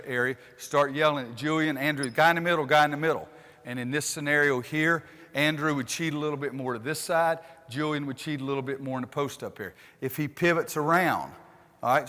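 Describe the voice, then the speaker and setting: A man's voice: medium pitch, sharp tone, long reverb tail. An older man, a basketball coach, running a clinic demonstration with a folksy manner and calling out instructions to players. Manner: folksy, directs players on court with calls. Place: gym court.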